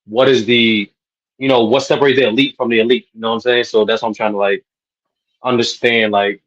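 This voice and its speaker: A man's voice: medium pitch, level tone, brisk, a bit bright, lo-fi sound. A man hosting a sports podcast, asking questions in a rambling, casual way full of fillers. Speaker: podcast host.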